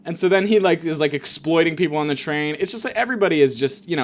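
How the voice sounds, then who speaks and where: A man's voice: fairly high pitch, fast, hardly any pauses. A man hosting a comedic monologue, ranting in a rambling, profane way, full of fillers and restarts. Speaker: comedian host.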